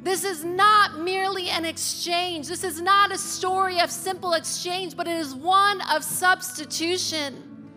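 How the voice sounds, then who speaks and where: A woman delivers a sermon, reading scripture in a measured, emphatic way. Her voice sits high and sounds bright and sharp. It rings with a long reverb in a large hall. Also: fairly even intonation, faint music behind. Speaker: preacher.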